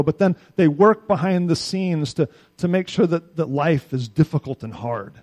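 A middle-aged man preaching a sermon in a conversational, animated way, often asking his listeners "right?". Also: fairly high pitch, moderate pace, few pauses. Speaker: pastor.

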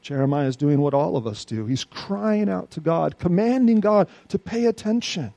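Guy preaching, high voice, dry close sound, gets loud then drops way down. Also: lively intonation, moderate pace, creaky, no room sound. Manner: dramatic, swings between loud pleading and quiet low asides. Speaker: pastor. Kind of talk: sermon.

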